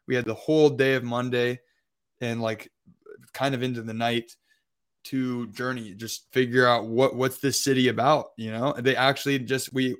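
A man's voice: mid-range voice, fairly bright tone. A young man co-hosting a podcast, telling a travel story in a loose, rambling way with lots of filler words. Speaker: podcast co-host. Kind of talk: casual storytelling.

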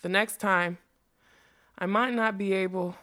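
Woman reader voicing a self-doubting male magician: rueful, heavy-hearted, low-pitched. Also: steady tone, moderate pace, a bit bright. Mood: weary.

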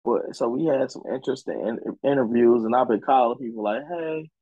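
A young adult man co-hosting a podcast, telling a story in casual, profane chat and acting out quotes in a higher voice. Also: brisk, no echo, narrow, tinny audio. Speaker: podcast co-host.

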